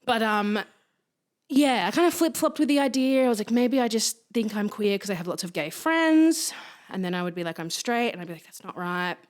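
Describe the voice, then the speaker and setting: A woman, guesting on a podcast. She chats in an easy, average-pitched voice. She acts out other people's lines with plenty of laughter. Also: fairly quick. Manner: animated storyteller, acts out quotes with laughter. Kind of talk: casual podcast chat.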